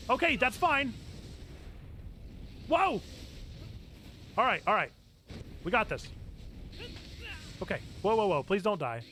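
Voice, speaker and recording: Excitable man streaming a video game. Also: high voice, measured pace, pauses often, slight background noise. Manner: excitable, bursts into shouting over game events. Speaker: church gaming streamer. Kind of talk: live gameplay commentary.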